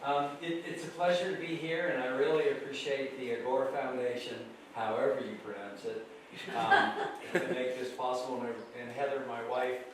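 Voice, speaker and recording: A man giving a folksy public talk as the guest speaker, self-deprecating and relaxed. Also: mid-range voice. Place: school hall. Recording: echoey hall from far off, faint noise.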